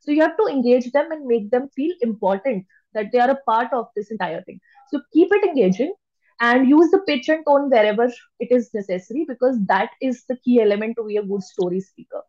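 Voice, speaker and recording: A woman giving a public speaking lecture, stressing key words by shifting her pitch. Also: expressive, fairly quick, darkish tone, lo-fi sound. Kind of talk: lecture to an online audience.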